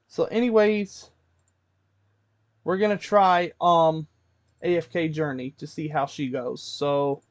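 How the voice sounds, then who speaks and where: A man's voice: on the high side, fairly even intonation, slow, long pauses, dry recording, lo-fi sound. A man streaming, reading a Bible passage aloud, stumbling over words and correcting himself as he goes.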